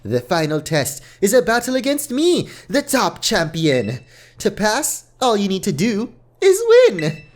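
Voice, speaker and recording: A man voicing a formidable female league champion from a game, reading her lines in a measured, formal way with a lowered voice. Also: huge pitch swings, exaggerated voice.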